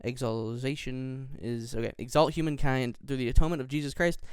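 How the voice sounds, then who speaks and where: A man's voice: mid-range voice, fairly even intonation, a little fast, clear, resonant tone, no room sound. A man co-hosting a podcast in casual, joking, rambling chat, laughing often. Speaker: podcast co-host.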